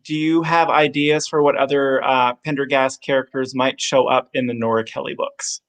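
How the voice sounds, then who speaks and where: A man's voice: medium pitch, moderate pace, low-quality recording. Male moderator reading audience questions. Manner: plain, relaxed reading with fillers. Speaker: event moderator.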